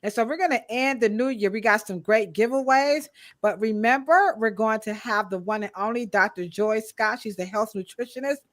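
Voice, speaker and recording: A woman co-hosting a live-stream podcast, chatting casually and shouting out viewers in the chat by name. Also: on the high side, moderate pace. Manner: casual, slangy American speech. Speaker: podcast co-host.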